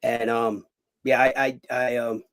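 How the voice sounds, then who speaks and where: A man, a former boxer and cut man, telling animated stories as a guest in a casual interview and swearing freely. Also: medium pitch, a little slow. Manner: animated storyteller who acts out other people's lines and swears freely.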